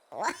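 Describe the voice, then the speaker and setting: A man voicing a shrill, excitable role-play character through a voice changer, yelling, giggling and swearing.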